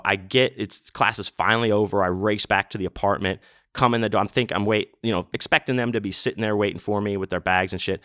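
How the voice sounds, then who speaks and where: A man's voice: fairly low pitch, fairly bright tone, no room sound, studio quality. A man hosting his podcast, telling a rambling story casually with lots of fillers and swearing. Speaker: podcast host. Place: home setup in a city apartment.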